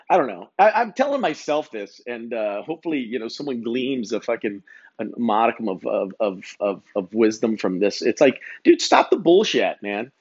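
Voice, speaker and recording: A man's voice: mid-range voice, darkish tone, slightly rough. Male podcast host, mid-range voice, rambling and stammering, swears freely, slightly dull lo-fi sound. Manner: rambling, stammering restarts, heavy swearing, laid-back. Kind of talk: rambling solo monologue.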